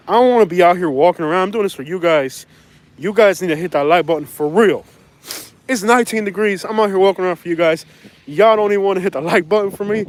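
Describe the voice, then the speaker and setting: A man's voice: a little high, quick pace. A man from Florida with a Southern accent, rambling in slangy street talk while walking outside in the snow, recorded on a handheld phone. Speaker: vlogger. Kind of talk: casual walking vlog. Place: outdoors on a snowy windy street. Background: traffic and outdoor ambience.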